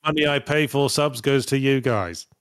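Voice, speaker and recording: A man's voice: mid-range voice, moderate pace, smooth, no echo. A man hosting a casual podcast, reading out viewer messages with dry, sardonic asides. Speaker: podcast host reading superchats. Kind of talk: casual chat.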